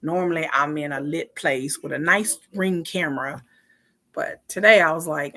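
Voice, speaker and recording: With a low-sitting voice, vocal fry, and a sharp tone at normal speed, a woman streams a live watch party from home. She chats casually, reacts, and often acts out other people's lines.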